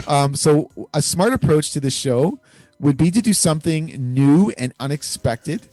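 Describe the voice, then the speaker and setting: A man's voice: on the high side, expressive, moderate pace, mellow, no echo, faint music behind. A man co-hosting a casual fan discussion show, rambling with many fillers and frequent laughs. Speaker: podcast co-host.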